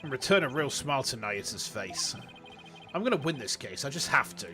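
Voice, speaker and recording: A man voicing an earnest young male lawyer, upset and pleading, his voice pushed higher. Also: very animated, a little fast, over music, lightly acted. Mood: distressed.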